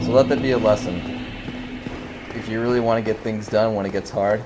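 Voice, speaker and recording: A man's voice: steady tone, fairly quick, pauses often, background noise. A man doing gameplay commentary, swearing constantly, muttering to himself and then bursting into screamed rage. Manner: talks himself down in low muttering between outbursts. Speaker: gaming commentator.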